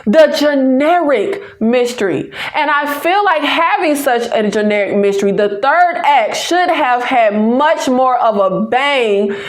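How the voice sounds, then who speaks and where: A woman's voice: high voice, animated, measured pace, few pauses. A woman from the American South with a Southern accent, hosting a casual movie review channel and chatting to viewers in a sassy, teasing way.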